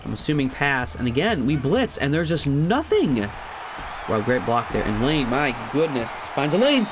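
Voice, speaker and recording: A man giving casual let's-play commentary on a football video game, chatty and thinking aloud, laughing at himself and jumping to loud shouts at big plays. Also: mid-range voice, sing-song, moderate pace, background noise. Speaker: gaming commentator.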